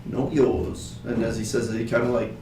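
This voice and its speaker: A man's voice: medium pitch, monotone, rapid-fire. A man narrating a tabletop game as game master in a loose, rambling way with many restarts. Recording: roomy, distant mic, faint noise.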